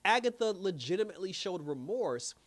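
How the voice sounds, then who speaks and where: Man, casual show recap, lively swings in pitch, frequent laughs, slightly high voice. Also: brisk. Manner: animated, laughs often, mimics characters' lines. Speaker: TV episode reviewer.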